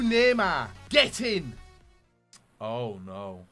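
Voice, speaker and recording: A man giving gaming commentary as he opens packs, excitable, dropping to low muttering and then bursting into shouts. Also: measured pace, soft background music. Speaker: gaming YouTuber. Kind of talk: pack-opening gaming commentary.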